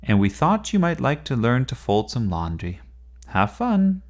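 A man voicing a bold, cheeky young girl in a storybook, high and teasing. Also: huge pitch swings, unhurried.

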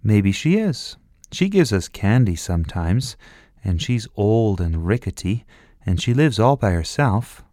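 A man voicing an imaginative, earnest young girl in a storybook reading, in a high childish voice. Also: very animated, a little slow, mellow, no echo, clean studio sound.

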